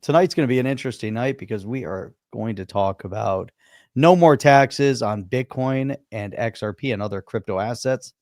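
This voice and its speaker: A man's voice: medium pitch, moderate pace, darkish tone, no echo, studio quality. A man hosting a live-stream show, opening with upbeat, hyped-up remarks. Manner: upbeat, hyping up the topics. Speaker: host.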